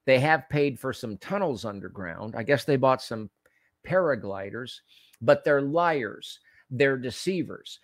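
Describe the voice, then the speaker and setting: A man's voice: mid-range voice, no echo. A man hosting a political commentary show, speaking in a heated, emphatic way and repeating phrases for effect.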